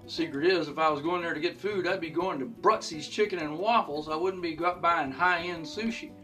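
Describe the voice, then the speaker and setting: A man with a high, bright and sharp voice delivers a comic sponsor bit in a playful, hammy way. A faint guitar plays underneath him. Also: brisk.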